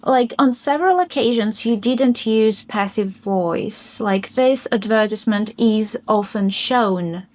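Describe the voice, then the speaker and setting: Woman examiner, higher voice, upbeat feedback, dry sound. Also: lively intonation, no echo. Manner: encouraging, frequent laughs, quick bursts. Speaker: IELTS speaking examiner. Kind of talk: mock exam feedback.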